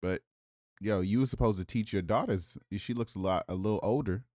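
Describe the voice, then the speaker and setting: Blunt, low-voiced man reacting to comments. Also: a little fast, darkish tone, dry recording, studio quality. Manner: blunt, profane, reads comments aloud with rhetorical asides.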